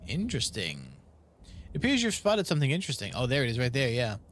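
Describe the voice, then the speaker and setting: A young man makes a gaming video, reading the game's text aloud and laughing or groaning when rolls fail. His medium-pitched, fairly bright voice swoops wildly in pitch, and he talks fast.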